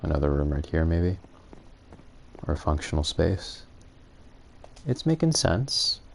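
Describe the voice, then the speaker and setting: A man's voice: sits low, very animated, measured pace, gravelly, slight background noise. A man streaming a survival game, musing to himself and amused at his own remarks in casual commentary. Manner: musing, self-amused, thinks aloud. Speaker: gaming streamer.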